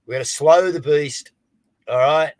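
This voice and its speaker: A man's voice: fairly high pitch, a little slow, a little mellow, dry recording. A man co-hosting a live online news chat, speaking over a video call with a dry, close sound. He presses his viewers again and again, with lots of "all right?" and "guys". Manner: urging, repetitive, rallying the audience. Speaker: co-host of a live news talk show.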